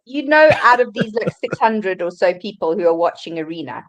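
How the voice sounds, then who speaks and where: A woman's voice: mid-range voice, fairly quick. A woman from South Africa co-hosting a livestream, chatty and telling personal stories in casual group chat. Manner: chatty storyteller, animated. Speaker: co-host of a livestream.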